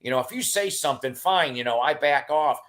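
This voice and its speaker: A man's voice: fairly high pitch, a little fast. A middle-aged man rambling through casual stories in a chat, with lots of fillers and restarts. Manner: rambling and animated, with many fillers.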